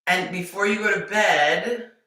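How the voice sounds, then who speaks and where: A woman hosting a live-stream dating talk, playful and animated, acting out little scenes as she coaches. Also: mid-range voice, far from the mic. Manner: playful, acts out scenarios in quick character voices and whispers. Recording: echoey room, voice heard from off the mic.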